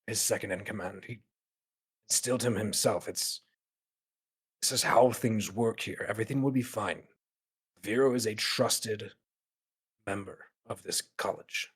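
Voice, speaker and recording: A man's voice: lowish voice, measured pace, pauses often, slightly rough. A man voicing a stiff male college official who brushes off concerns in a formal, placating way. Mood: dismissive.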